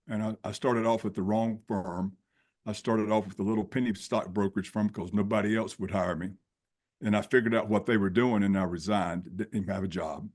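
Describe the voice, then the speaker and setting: A man in his sixties, a podcast guest, telling his life story in a folksy, plain-spoken way and acting out the dialogue. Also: on the low side. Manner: animated storyteller who acts out dialogue. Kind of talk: personal storytelling.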